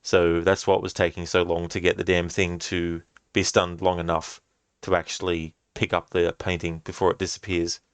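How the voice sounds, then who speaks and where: A man streaming a game live, reading and answering chat in a relaxed, chatty way and laughing often. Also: low-pitched, moderate pace, smooth, dry recording.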